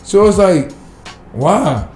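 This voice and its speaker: A man's voice: high-pitched, lively intonation, slow, darkish tone, reverberant, soft background music. A man, a city sanitation worker talking bluntly and profanely in a casual podcast interview.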